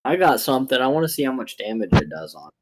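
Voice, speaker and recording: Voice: medium pitch, very animated, fast, dry recording. A tabletop game player making wry, teasing remarks in casual chat.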